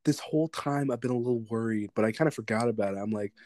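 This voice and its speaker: A man's voice: mid-range voice, quick pace, no echo. A man co-hosting a podcast, casually and animatedly retelling movie scenes and acting out quotes. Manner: animated, rambling storyteller who acts out movie quotes. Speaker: podcast co-host.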